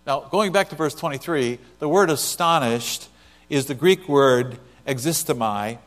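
A man preaching a sermon, moving between loud emphatic passages and quiet, hushed lines. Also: mid-range voice, measured pace. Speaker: pastor.

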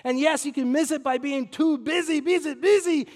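A man from preaching a sermon in a church, telling a story that swings from soft asides to shouted climaxes. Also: very high-pitched, normal speed. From Puerto Rico. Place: church sanctuary. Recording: long hall reverb.

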